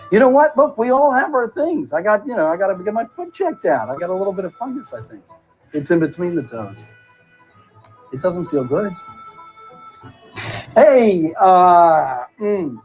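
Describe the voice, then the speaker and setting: A tactless hospital visitor chatters on obliviously, as a man puts him on for a sketch. His pitch leaps up and down animatedly as he rambles, and faint music plays underneath. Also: a little mellow, poor audio. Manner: rambling, oblivious, self-absorbed small talk. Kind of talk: comedic sketch monologue.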